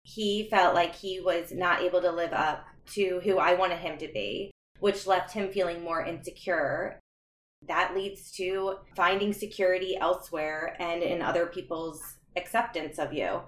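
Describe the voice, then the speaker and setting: In a steady, low voice that moves a little slowly, a young adult woman recounts her own experiences on a podcast. Her tone is reflective and sincere, broken by the odd laugh, and the room echoes noticeably.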